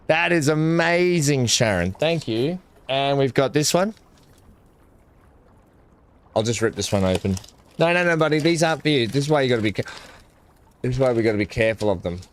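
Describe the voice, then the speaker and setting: This man, a gaming video creator, speaks in a mid-range voice over slight background noise. While opening gifts he chats loosely, muttering asides, addressing his dog, and clearing his throat frequently.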